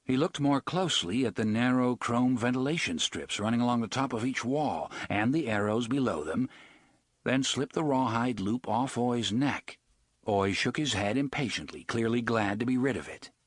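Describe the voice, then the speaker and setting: A man reading an audiobook in a steady scripted narration, with a husky voice. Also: medium pitch, moderate pace, dry recording, clean studio sound.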